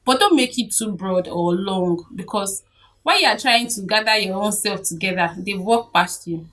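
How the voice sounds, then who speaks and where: A woman's voice: medium pitch, normal speed, far from the mic. Chatty Nigerian woman vlogger. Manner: chatty, animated, laughs often. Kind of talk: casual talk to camera.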